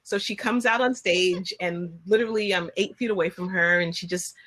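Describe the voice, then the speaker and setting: A woman chatting on a video call, telling a personal story at length. Her voice sits on the lower side. She gets animated and acts out quotes with sudden high-pitched bursts. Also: moderate pace. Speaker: guest. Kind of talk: casual storytelling.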